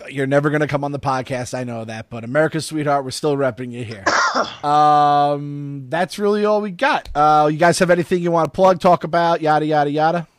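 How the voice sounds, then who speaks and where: A man hosting a casual podcast chat, loose and profane, with quick joking asides. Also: fairly high pitch, no room sound, studio quality. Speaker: podcast host.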